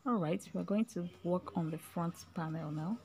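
Gravelly low-voiced woman teaching sewing. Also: moderate pace, darkish tone, slight background noise. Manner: chatty, checks in with "okay?" often. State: voice breaking, partly whispered. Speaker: sewing tutor. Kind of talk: casual step-by-step sewing tutorial.

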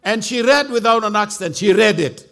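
A Kenyan man delivers a sermon as a bishop, his voice pitched high for a man. He preaches with emphasis and drops in Swahili and Kikuyu asides. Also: expressive, moderate pace, gravelly, sharp tone, soft background music.

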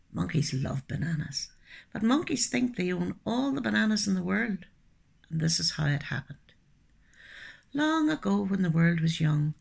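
A woman telling stories to children, her voice husky and strongly gravelly. She swings her pitch widely, lingers on lines and sometimes drops into hushed asides. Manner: expressive, with soft hushed asides. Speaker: storyteller and poet. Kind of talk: children's storytelling.

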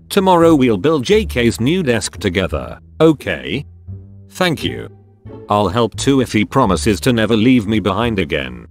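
A man's voice: fairly low pitch, big pitch swings, measured pace, soft background music. A man reading a text-message fan story aloud, voicing several chat characters in turn. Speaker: fan fiction narrator.

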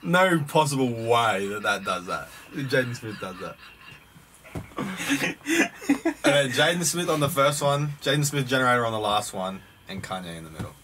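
Male podcast co-host, animated and teasing, recorded with heavy background noise. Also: medium pitch, moderate pace. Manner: laughing, teasing. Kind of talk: casual chat.

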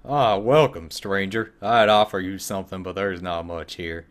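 A man's voice: low voice, steady tone, moderate pace, natural voice. A man reading game quest text aloud in a voice for a frail, self-pitying old male hermit, whiny and melodramatic. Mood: pleading.

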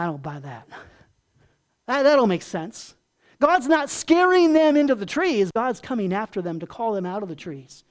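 This is a pastor's sermon with a folksy, conversational feel; he asks the congregation questions and drops soft and low when things turn tender.

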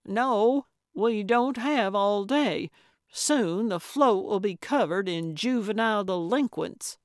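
A woman narrator voicing a brusque, stubborn old woman sleuth, pitched a little higher and louder than her narration, with a bossy, emphatic delivery. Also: slow, dry recording, studio quality, close to an everyday voice. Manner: bossy, emphatic, slightly raised voice.

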